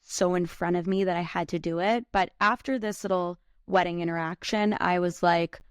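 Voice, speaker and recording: A woman's voice: fairly low pitch, steady tone, moderate pace, clean tone, no echo, clean studio sound. A woman in her thirties hosting a podcast, telling a personal story casually with lots of "like" and some swearing. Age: 30s. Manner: casual, heavy use of "like", swears freely. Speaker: podcast host.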